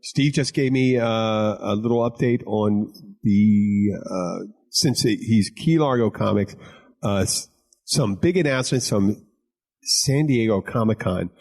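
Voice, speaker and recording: A man from Philadelphia hosting a podcast, chatting casually, swearing freely and telling stories with lively energy. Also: on the low side, unhurried. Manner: swears freely, animated storytelling. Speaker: podcast host. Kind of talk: casual chat.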